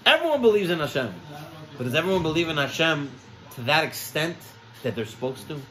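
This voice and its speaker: Animated high-voiced male rabbi telling stories. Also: fairly quick, poor audio. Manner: animated storytelling, acts out quoted characters with raised pitch. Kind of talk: sermon with stories.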